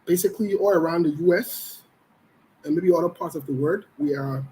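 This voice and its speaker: High-voiced Liberian man hosting a live show. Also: fairly quick, warm tone, rough recording. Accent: Liberian English. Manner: greets viewers by name, loose and joking. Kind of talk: casual livestream chat.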